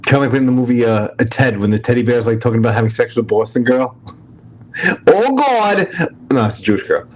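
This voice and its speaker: A man's voice: medium pitch, expressive, fairly quick, darkish tone, rough recording. A man with a strong New York accent, hosting a casual livestream chat, brash and profane as he jokes with his viewers. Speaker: livestream host.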